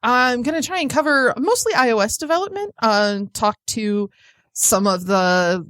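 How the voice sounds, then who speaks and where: A woman's voice: a little high, very animated, normal speed, fairly bright tone, no room sound, studio quality. A woman who is an iOS developer, a guest chatting casually on a podcast and laughing easily.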